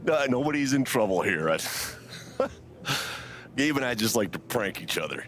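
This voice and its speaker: An actor playing a deputy sheriff in a video game who likes playing pranks and talks in a friendly, joking way. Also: male voice, mid-range voice, very animated, a little slow, a bit bright, a little hiss or hum. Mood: amused. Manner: mock-stern, then laughing and friendly. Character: jovial prank-loving male deputy sheriff.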